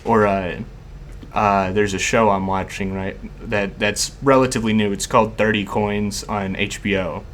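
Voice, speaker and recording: A podcast host chats casually, laughing often and filling his speech with "like." His voice is on the low side, fairly even and fairly bright, at a moderate pace, with slight background noise.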